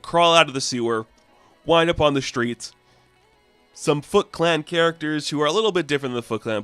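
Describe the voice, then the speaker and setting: A man's voice: medium pitch, fairly bright tone, clean tone, no room sound. A man giving a casual, enthusiastic spoken review of a comic book, with lots of filler words.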